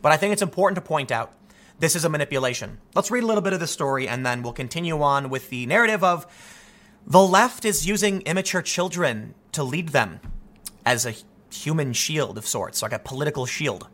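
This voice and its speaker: A man giving an animated, argumentative political commentary monologue, often restarting his sentences. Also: fairly high pitch, brisk.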